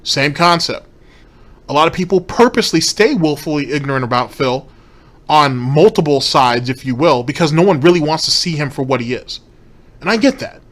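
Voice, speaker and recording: A man's voice: on the high side, lively intonation, normal speed, fairly bright tone. Blunt, profane male commentator. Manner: blunt, profane, emphatic repetition. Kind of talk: reaction commentary.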